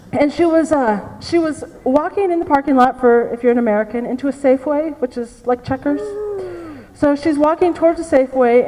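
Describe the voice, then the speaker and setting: A woman's voice: sits high, warm tone. A woman preaching a sermon, telling a personal story and repeating key phrases for emphasis. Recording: long reverb of a large hall.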